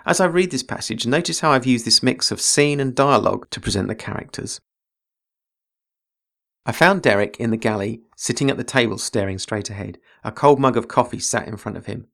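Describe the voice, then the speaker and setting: A man hosting a writing podcast, explaining character craft in a measured, explanatory way. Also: medium pitch, vocal fry, a bit bright. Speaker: podcast host and writing teacher. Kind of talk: instructional podcast.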